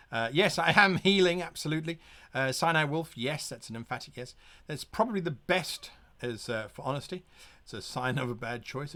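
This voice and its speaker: A man's voice: a little high, a bit bright. A man streaming live as game master, reading a gamebook aloud and chatting playfully with his viewers. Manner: brisk, playful, talks back to the chat.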